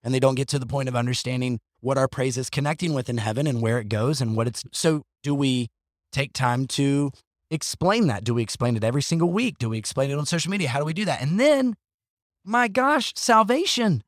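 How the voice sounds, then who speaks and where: Animated man hosting a podcast, dry sound. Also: medium pitch, quick pace, no room sound. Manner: animated, joking, sarcastic asides. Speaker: podcast host. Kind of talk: casual podcast discussion.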